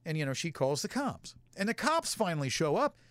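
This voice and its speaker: A man's voice: on the high side, very animated, fairly quick, a bit bright, dry recording. A man telling a long, rambling story in a casual, profane way as a show host.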